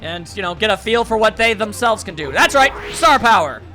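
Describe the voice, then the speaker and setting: Faint game music sits under this let's play commentator, a man whose high-pitched voice is expressive, brisk and sharp. He keeps up a wry, chatty running commentary and voices the game's lines himself.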